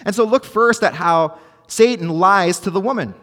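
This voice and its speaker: A man's voice: sits high, normal speed, fairly bright tone, long reverb tail. A man preaching a sermon as pastor, earnest and emphatic, repeating key phrases for weight.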